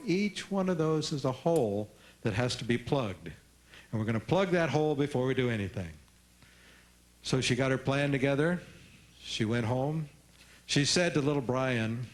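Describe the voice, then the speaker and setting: Brief: male seminar speaker, mid-pitched, playful, quizzes the audience, lecture room. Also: normal speed, long pauses. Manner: lively, teasing, coaxes audience responses. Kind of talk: live seminar talk to an audience.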